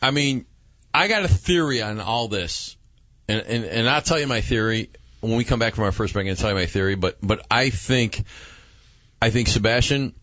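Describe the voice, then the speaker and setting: A man hosting a casual chat, excitable and repeating words as he gets going. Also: on the low side, no echo. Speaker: podcast host. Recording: dull lo-fi audio.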